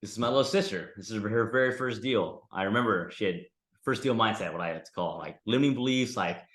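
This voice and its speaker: A man's voice: fairly low pitch, fast, fairly bright tone, reverberant. A man teaching a real estate investing class in a casual, conversational way, often tagging sentences with "right?". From United States.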